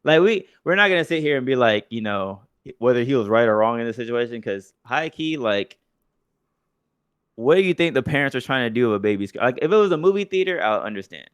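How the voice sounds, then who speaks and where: A man's voice: mid-range voice, animated, brisk, clean tone, no echo. A young man co-hosting a podcast, chatting casually and swearing freely, telling stories with mocking impressions of other people. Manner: profane, loose storytelling with mocking impressions. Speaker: podcast co-host. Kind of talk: casual chat.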